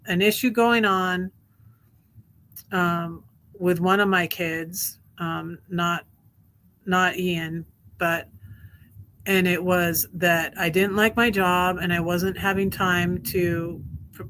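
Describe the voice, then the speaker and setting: A woman's voice: fairly low pitch, fairly even intonation, slow pace, a bit bright, slight background noise. Rambling, emphatic middle-aged woman livestreamer. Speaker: livestream host. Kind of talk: casual live-stream monologue.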